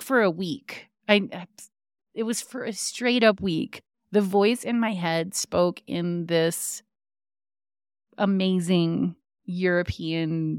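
A woman host recounting her year in an unhurried, meandering way, often stopping on ums and starting sentences over. Her voice sits a little low and sounds close and dry, with almost no room around it. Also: dry recording. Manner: rambling, frequent ums and restarts. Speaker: podcast host. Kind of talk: personal storytelling.

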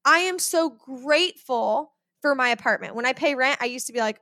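A young adult woman hosting a solo podcast, talking in a chatty, animated way and often checking in with "okay?" and "right?". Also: high voice, normal speed, dry recording, studio quality. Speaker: podcast host. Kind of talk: solo podcast monologue on money mindset.

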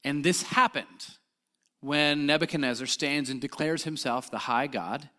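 A man's voice: a little high, a little slow, bright, forceful tone. A man teaching a sermon on scripture in a conversational way, with frequent fillers and restarts. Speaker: preacher.

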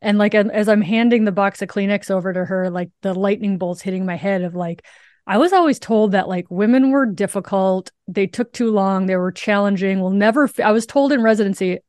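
A woman in her forties, a doctor being interviewed, telling her story quickly and animatedly, with many fillers. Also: mid-range voice, darkish tone, no room sound, studio quality. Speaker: urologist and podcast guest.

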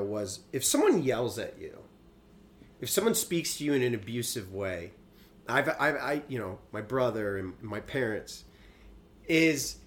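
Earnest, halting podcast man. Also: medium pitch, a bit bright. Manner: earnest, halting, restarts often. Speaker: podcast co-host. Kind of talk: casual debate.

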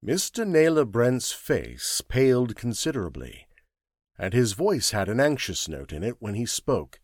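A man narrating an audiobook in a measured, expressive way. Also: mid-range voice, no echo, clean studio sound.

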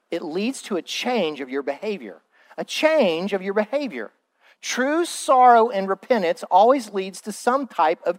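A male pastor preaching a sermon in a church, acting out quoted excuses in a raised voice. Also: sits high.

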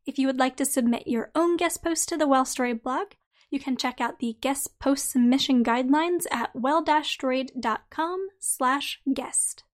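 High-voiced woman, a little croaky. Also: moderate pace. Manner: friendly, direct address to listeners. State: slightly croaky voice. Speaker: podcast host. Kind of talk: podcast monologue and article reading.

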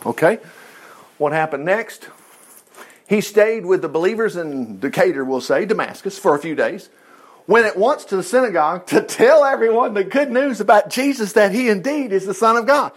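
A male pastor delivers a sermon, acting out scripture scenes as he goes. His pitch sits a bit high for a man and swings widely between calm narration and excited bursts. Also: moderate pace. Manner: animated storytelling, acting out Bible characters.

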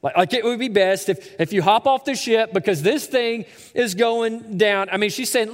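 High-voiced man preaching in an echoey hall. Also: normal speed. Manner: conversational, stammering repeats, storytelling. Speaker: pastor. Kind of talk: sermon.

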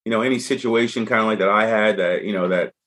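A man's voice: fairly low pitch, fast talker. A middle-aged man speaking as a podcast guest, telling stories casually and acting out what people said. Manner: animated, acts out quoted speech. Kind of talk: casual conversational storytelling.

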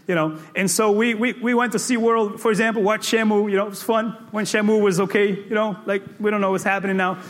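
A man from Cape Verde preaching in a comic, animated storytelling manner, full of playful exclamations and laughter. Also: sits high, quick pace, few pauses. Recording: echoey hall reverb.

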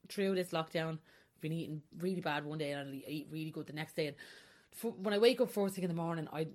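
A woman in her forties hosting a podcast, talking candidly and confessionally about herself and often breaking into laughter. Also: on the low side. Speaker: podcast host. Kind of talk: personal podcast monologue.

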